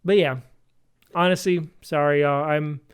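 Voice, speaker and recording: A man's voice: a little high, steady tone, a little slow, clean tone. A man co-hosting a podcast, chatting casually and rambling a little with many hesitations. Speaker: podcast co-host. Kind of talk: casual chat.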